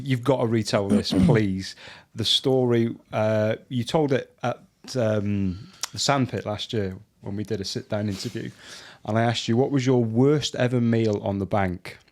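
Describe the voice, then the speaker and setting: A man's voice: mid-range voice, steady tone, normal speed. A man hosting a podcast, talking casually and coaxing a guest into telling another story. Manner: enthusiastic, coaxing. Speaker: podcast host. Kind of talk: casual chat.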